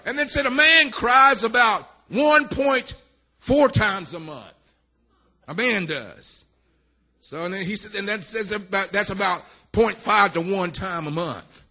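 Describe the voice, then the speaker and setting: A male preacher with a strikingly high, piercing voice delivers a sermon. He punctuates his phrases with "amen" and swings between low asides and shouting. The recording sounds dull and lo-fi. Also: measured pace.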